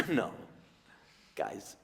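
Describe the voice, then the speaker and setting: British guy doing standup in a big hall, lively, bursts into shouting, long reverb. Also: extremely slow. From United Kingdom. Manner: animated, shifts to shouted outbursts for acted rants. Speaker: stand-up comedian. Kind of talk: live stand-up comedy. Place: large theatre stage with live audience.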